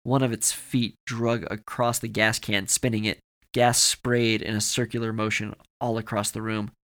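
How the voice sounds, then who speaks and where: A man reading a horror story aloud with a somewhat low voice. His delivery is dramatic and shifts with the action. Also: little pitch movement, moderate pace, a bit bright. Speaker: podcast narrator.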